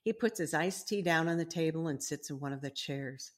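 A woman, an author and podcast host, gently explaining ideas and reading aloud from her own book in a deliberate, teacherly way. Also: sits low.

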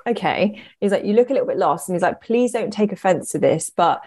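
A woman's voice: mid-range voice, expressive, brisk, darkish tone. A young woman casually telling a story, chatty and swearing, acting out the voices she quotes.

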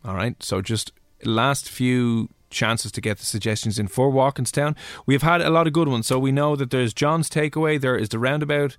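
A man's voice: medium pitch, moderate pace, hardly any pauses, no room sound, clean studio sound. A young Irish man with a Dublin accent, hosting a radio show in casual, jokey, rambling chat. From Ireland. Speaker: radio host.

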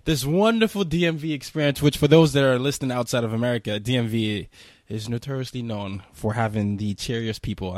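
Male host, mid-pitched voice, halting questions, dry close mic. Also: dry recording. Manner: rambling, halting questions with fillers. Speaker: interview host. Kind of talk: podcast interview.

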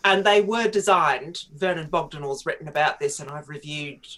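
A woman in her fifties speaks as a guest on a radio talk programme, her voice sitting a little low. She talks in a chatty, digressive way, wandering through anecdotes and laughing often. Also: normal speed, fairly bright tone. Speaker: guest writer.

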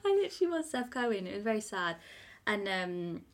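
A woman's voice: mid-range voice, expressive, brisk. A young woman co-hosting a casual podcast chat, telling stories about herself with a self-mocking streak and frequent laughs. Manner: chatty, self-mocking storyteller, laughs often. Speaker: podcast co-host.

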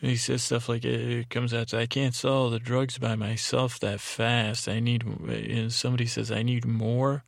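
A man hosting a sleep podcast, slowly recapping a TV episode in a meandering, monotone storytelling manner with frequent restarts. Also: mid-range voice, gravelly, dry recording, clean studio sound. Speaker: podcast host.

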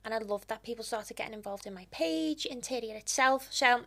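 A young woman with a Liverpool accent, a guest telling stories in a chatty, animated way with local slang. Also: a little high, brisk, vocal fry. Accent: Liverpool (Scouse). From Liverpool, England. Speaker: interior stylist guest. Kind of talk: casual podcast interview.

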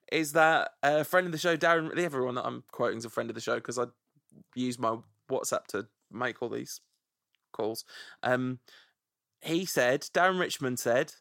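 A man's voice: fairly high pitch, vocal fry, bright, forceful tone, dry recording, studio quality. A man hosting a podcast in casual chat, playfully savoring the sound of names as he reads out suggestions. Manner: playful, relishes saying names aloud. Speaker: podcast host.

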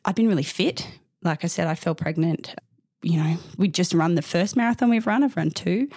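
Interview guest, woman, 30s: heartfelt, rambling storyteller with a gravelly edge, dry sound. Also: lowish voice, brisk, darkish tone, dry recording. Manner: open, heartfelt, rambling with restarts. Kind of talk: candid personal storytelling.

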